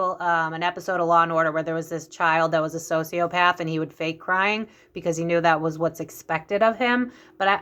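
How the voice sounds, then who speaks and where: A woman's voice: fairly low pitch, fairly bright tone. A woman giving a casual psychic tarot reading, talking in a rambling way full of fillers and restarts. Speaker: psychic reader.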